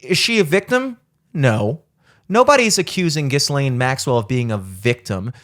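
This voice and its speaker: A man's voice: mid-range voice, animated, normal speed, fairly bright tone. A young man hosting a podcast, rambling in casual chat with many filler words and frequent swearing. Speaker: podcast host.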